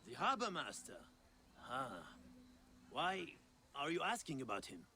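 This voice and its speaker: A man's voice: fairly high pitch, sing-song, measured pace, pushed and bright, slight background noise, heavily acted. An actor playing a guarded male metalwork merchant in a video game who evades every question. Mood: wary. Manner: guarded, evasive, cries out his wares.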